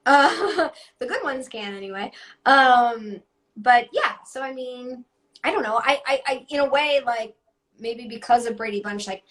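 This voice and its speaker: A woman's voice: on the high side, lively intonation, unhurried, a bit bright. A woman in her thirties, a guest voice actor, talking in a rambling, self-deprecating way full of "like". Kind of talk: casual interview chat.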